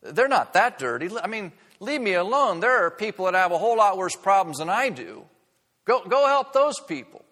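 A man's voice: sits high, very animated, normal speed, sharp tone, in a large hall, pitched above the performer's own voice, exaggerated voice. A man voicing an indignant man who protests that he needs no help and waves it away. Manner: protesting, exasperated.

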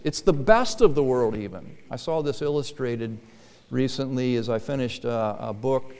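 A man's voice: mid-range voice, normal speed, darkish tone. A male pastor preaching a sermon in a conversational way, building to emphatic, raised passages. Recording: reverberant hall.

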